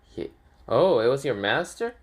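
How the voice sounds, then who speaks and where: A man's voice: medium pitch, sing-song, a little slow, voice pushed up. A man voicing a stubborn, indignant male warrior knight who blurts out his lines in a casual fan retelling.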